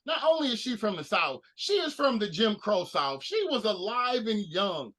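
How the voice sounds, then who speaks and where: Man, high voice, bright tone, sports podcast co-host, incredulous rant. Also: poor audio. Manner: animated, incredulous ranting. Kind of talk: casual sports podcast chat.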